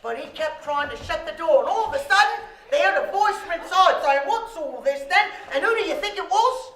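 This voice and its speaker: A woman storyteller telling a story to a live audience in an animated way, asking her listeners questions and bantering with them. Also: extremely high pitch, brisk. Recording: roomy with faint background noise.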